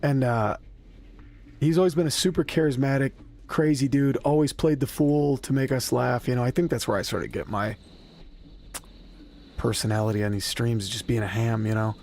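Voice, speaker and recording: A man's voice: medium pitch, normal speed, darkish tone. A man streaming a game, chatting loosely with viewers, joking about himself, swearing freely and speaking openly about his feelings. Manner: loose, rambling and self-deprecating, with frequent swearing; candid and openly emotional. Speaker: gaming streamer. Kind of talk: casual live-stream chat while playing.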